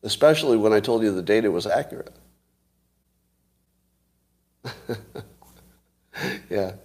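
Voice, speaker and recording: A man hosting a solo commentary stream, sarcastic, pausing often and putting rhetorical questions to his audience. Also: lowish voice, expressive, a little mellow. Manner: halting, many pauses and filler sounds. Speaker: show host.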